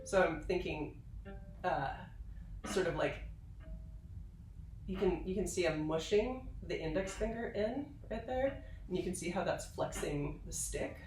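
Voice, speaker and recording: A woman viola professor giving a patient, explanatory instrumental tutorial, pausing now and then with fillers. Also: on the low side, echoey room, distant mic, over loud music, low-quality recording. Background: viola playing.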